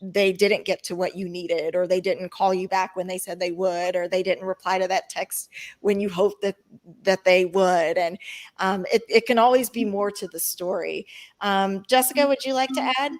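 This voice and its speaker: A woman's voice: mid-range voice, fairly even intonation, normal speed. Earnest woman moderating a panel. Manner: thoughtful, earnest, with frequent fillers. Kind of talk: reflective panel discussion.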